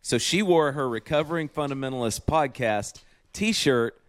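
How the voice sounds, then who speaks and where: A man co-hosting a podcast, telling stories in a lively, casual way from his office. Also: mid-range voice, normal speed, smooth, no echo. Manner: animated storyteller, acts out quoted voices. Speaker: podcast co-host. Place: home office.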